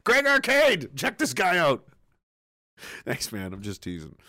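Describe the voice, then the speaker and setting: A man's voice: fairly high pitch, huge pitch swings, measured pace, pushed and bright, dry recording, studio quality. A man hosting a live stream in casual chat, rambling, swearing and laughing often as he reads messages. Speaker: livestream host.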